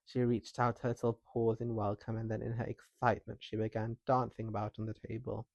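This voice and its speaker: A man reading a folktale aloud in calm scripted narration, with a soft and calming manner. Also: on the low side, brisk, gravelly, no echo, dull audio. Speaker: storyteller.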